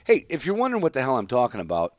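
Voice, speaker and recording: A man's voice: medium pitch, wildly swooping pitch, racing, no echo, studio quality. A man from Illinois hosting a casual podcast chat, rambling and joking and often restarting his sentences. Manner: rambling, jokey, talks over himself. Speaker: podcast host. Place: indoors at a hunting preserve.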